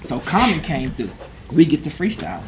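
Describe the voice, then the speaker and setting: A man's voice: on the high side, normal speed. Man telling stories over background noise. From Chicago, USA. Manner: animated, slangy, profane storyteller. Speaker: guest. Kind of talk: casual storytelling in conversation. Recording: noisy background hiss.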